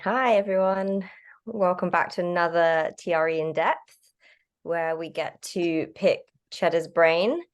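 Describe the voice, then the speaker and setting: A woman with a notably low, deep voice hosts a casual conversation. She talks in a relaxed, easygoing way, pausing on little fillers as she introduces her guest. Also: clean tone. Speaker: host.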